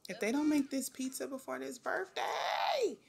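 A young woman giving casual gameplay commentary, talking to the game characters and grumbling at them when they are too slow. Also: high voice, vocal fry, slight background noise. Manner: animated, talks to the game characters, exasperated asides. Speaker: gameplay video host. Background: faint background music.

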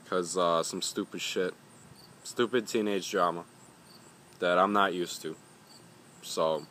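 A man's voice: low-pitched, a bit bright, slight background noise. A young man reviewing a hot pepper in a casual vlog, rambling and swearing often as he grumbles.

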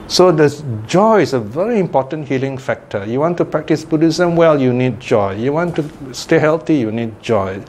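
An older man teaching a Buddhist class in a relaxed, conversational way, often checking in with listeners by asking "okay?" and "right?" and chuckling now and then. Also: medium pitch, slight background noise. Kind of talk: informal Dhamma class talk.

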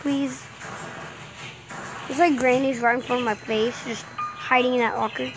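A woman's voice: sits high, fairly even intonation, unhurried, rough recording. A woman hosting a gaming channel, giving casual commentary in a jumpy, playfully exasperated way.

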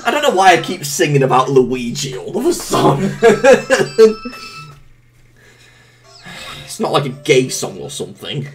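A woman's voice: deep voice, big pitch swings, unhurried, long pauses. A woman doing casual, goofy gameplay commentary as a let's play gamer, rambling and laughing at her own jokes. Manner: goofy, rambling, breaks into silly sing-song asides. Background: faint video game music.

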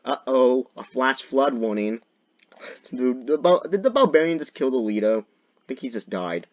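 A young man giving jokey gameplay commentary as a video creator, often breaking into loud, mock-dramatic shouts. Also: medium pitch, animated, moderate pace, dull audio, a little hiss or hum.

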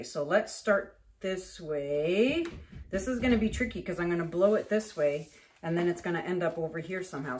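A middle-aged woman from Canada, painting on camera and telling a story in a casual, animated way, acting out the voices of the people in it. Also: mid-range voice. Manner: animated, acts out voices in her stories. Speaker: acrylic pour painter.

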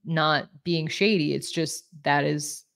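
A woman's voice: deep voice, steady tone, takes it slowly, vocal fry, fairly bright tone. A woman co-hosting a sports talk show, chatting casually and a bit self-deprecating while reading viewer questions.

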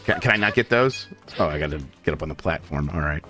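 A man co-hosting a game playthrough, joking in a deadpan way and laughing often. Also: extremely low pitch, quick pace. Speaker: co-host of a game stream. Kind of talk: casual playthrough banter. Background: video game music.

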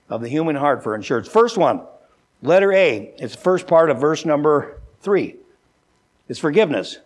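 An older man preaching a sermon as a pastor, folksy and joking, who often repeats words and slows down with a lifted voice when he reads scripture. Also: mid-range voice. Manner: slows down and lifts his voice when reading scripture.

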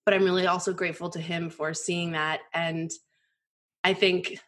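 A woman in her thirties, a poker journalist as guest, telling candid stories in a casual, animated way with many "like" fillers. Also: lowish voice, normal speed. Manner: animated, frequent "like" fillers, mimics voices in quotes. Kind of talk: candid conversational storytelling.

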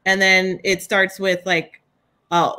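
A woman's voice: mid-range voice, level tone, takes it slowly, bright, forceful tone. A young woman casually telling a story, with many "like" fillers and laughter.

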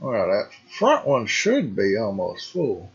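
A man's voice: fairly low pitch, wildly swooping pitch, unhurried, slightly rough, dull audio. A middle-aged man hosting a gaming channel, talking in a rambling, folksy way and calling his viewers folks. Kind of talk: casual farming game commentary.

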